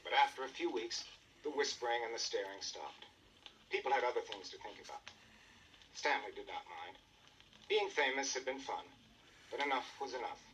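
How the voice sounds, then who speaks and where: A man narrating a children's storybook record with expressive storytelling. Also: mid-range voice, moderate pace, long pauses, distant mic, slight background noise, low-quality recording.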